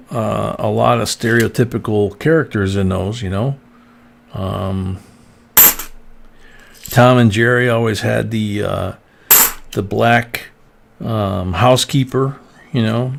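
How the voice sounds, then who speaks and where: Gravelly-voiced man chatting casually. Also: mid-range voice. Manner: rambling, many fillers and restarts. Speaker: host of a coin roll hunting live stream. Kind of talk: casual live-stream chat.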